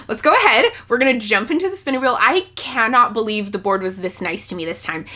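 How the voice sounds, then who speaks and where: A young woman chatting excitedly as a book vlogger, bubbly and talkative, now and then squealing with delight. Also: on the high side. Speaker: book YouTuber. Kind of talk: casual vlog chat.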